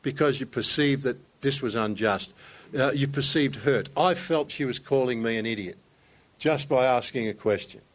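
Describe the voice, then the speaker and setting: A man's voice: medium pitch, normal speed. A man preaching a sermon, telling a personal story with rising intensity. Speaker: pastor.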